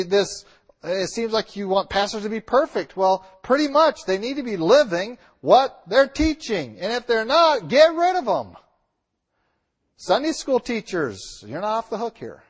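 High-voiced emphatic male preacher. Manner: emphatic, repeats key lines with slow stressed words; direct, addresses the congregation. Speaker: pastor. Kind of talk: sermon.

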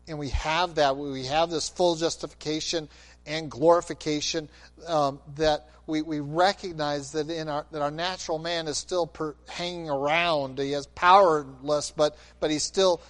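A man preaching a sermon at an unhurried pace. His voice sits a little high and swings between loud emphatic bursts and quiet, intense stretches. A long hall reverb trails behind every phrase.

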